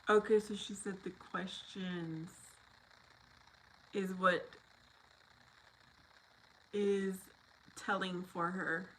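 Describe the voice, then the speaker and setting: A woman's voice: medium pitch, fairly even intonation, drawn-out words, pauses often, a bit bright, slight background noise, low-quality recording. A woman hosting a casual livestream, reading viewer comments aloud and greeting people by name, often breaking into laughter. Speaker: livestream host.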